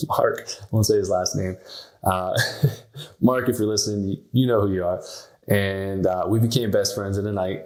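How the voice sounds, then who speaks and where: A lowish, slightly mellow male voice comes through a low-quality recording. He's a health podcast host offering motivational talk, blunt and emphatic in manner, and he often mimics the voices of people he quotes.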